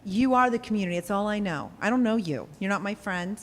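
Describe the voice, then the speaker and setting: Animated woman sales coach in a hall. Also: medium pitch, fast, slight background noise. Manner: animated, direct, acts out examples. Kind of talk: coaching workshop talk. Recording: echoey hall.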